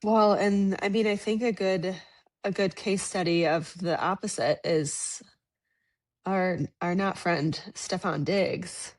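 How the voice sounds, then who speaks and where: A woman's voice: lowish voice, fairly even intonation. A woman co-hosting a sports podcast, chatting casually and agreeing readily. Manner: agreeable, quick affirmations. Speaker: podcast co-host.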